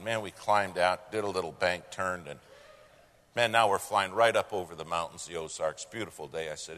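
A man telling a personal story live in a folksy, animated way. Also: deep voice, moderate pace. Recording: long hall reverb, faint noise.

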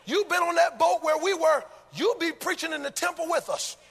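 A man a sermon in a rhythmic, sung cadence that swells into shouted chanting. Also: very high-pitched, brisk, creaky, big-room sound. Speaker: preacher.

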